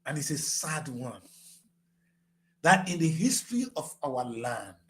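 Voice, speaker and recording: A man in his sixties with a Nigerian English accent, giving impassioned political commentary that swings from grave and low to shouting. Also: expressive, unhurried. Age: 60s.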